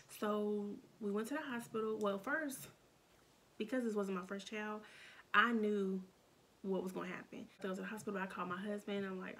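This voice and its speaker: A young woman telling a painful personal story in a halting, emotional way, with many restarts and fillers. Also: mid-range voice, fairly even intonation, fairly bright tone, a little hiss or hum. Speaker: storytime vlogger.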